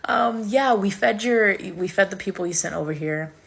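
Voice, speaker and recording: A woman's voice: normal speed, creaky, breathy edge. A woman voicing overfriendly, creepy island villagers who gush as they push lotus fruit on guests. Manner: gushing, high and eager.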